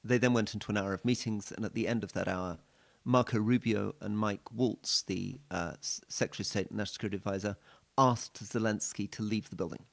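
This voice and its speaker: Gravelly British man recounting events. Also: lowish voice, steady tone, a little fast. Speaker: podcast co-host. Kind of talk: political analysis podcast.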